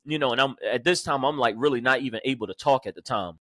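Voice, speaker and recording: A man, a police corporal and podcast guest, telling a personal story in a halting way full of fillers and restarts. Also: mid-range voice, fairly bright tone, dry recording, clean studio sound.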